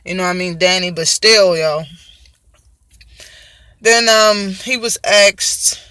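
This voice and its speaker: Man, bright cutting voice, dry close sound, profane mocking boxing commentary host. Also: high-pitched, slow, clean tone, no room sound. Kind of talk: casual ranting commentary.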